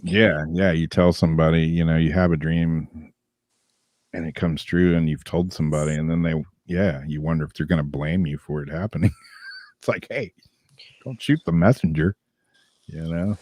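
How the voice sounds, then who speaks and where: A man's voice: extremely low pitch, flat delivery, moderate pace, a little mellow. A man, co-host of a casual chat show, telling rambling stories with many fillers and laughs.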